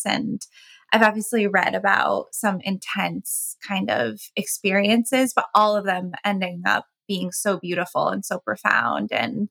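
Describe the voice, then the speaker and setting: A woman's voice: medium pitch, vocal fry, sharp tone, no room sound. A woman co-hosting a podcast in a casual chat, often reacting with awe and enthusiasm. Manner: reacts with frequent awed "wow"s, enthusiastic. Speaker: podcast co-host.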